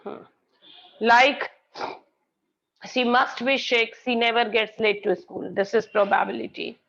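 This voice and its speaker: A woman teaching grammar over a video call. She speaks slowly and patiently, her voice set a little high, and she praises students and repeats example sentences. The audio is dull and lo-fi. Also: fairly even intonation, a bit bright. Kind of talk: online English grammar class.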